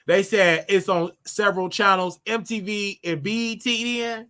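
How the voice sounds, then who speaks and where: A brash older man hosts his own talk show with a bright, forceful edge to his voice. He scolds and stretches words out for emphasis, and his voice sits a little high for a man. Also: fairly even intonation, moderate pace. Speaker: show host. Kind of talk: casual commentary monologue.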